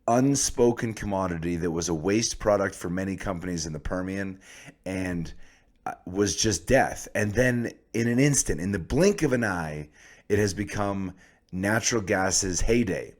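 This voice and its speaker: A man hosting a podcast, talking in a casual, joking way with a hoarse voice. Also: sits low, moderate pace. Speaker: podcast host.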